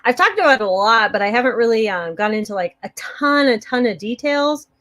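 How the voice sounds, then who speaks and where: A woman's voice: fairly high pitch, animated, fairly quick, fairly bright tone. A woman hosting a preparedness channel, chatting casually and upbeat as she answers viewer comments, giggling often.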